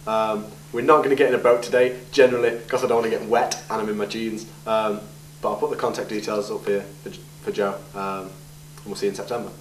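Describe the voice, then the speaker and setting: A man's voice: fairly low pitch, level tone, fast talker, roomy sound, far from the mic, slight background noise, poor audio. Laid-back young man presenting. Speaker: student TV presenter. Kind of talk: casual interview.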